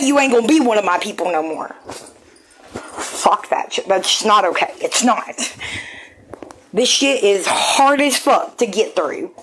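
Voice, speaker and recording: A woman's voice: medium pitch, expressive, unhurried, pauses often, fairly bright tone, slightly rough. A woman live streaming, chatting casually with viewers in a blunt, profane, rambling way full of fillers.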